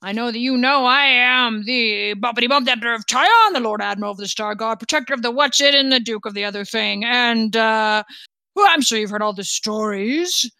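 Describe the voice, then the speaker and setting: A woman's voice: on the high side, a little fast, bright, forceful tone, dry recording. A woman voicing a huge, jolly, blustering old male king who loves snacks, gushing and chuckling as he talks in a tabletop game. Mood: grandiose.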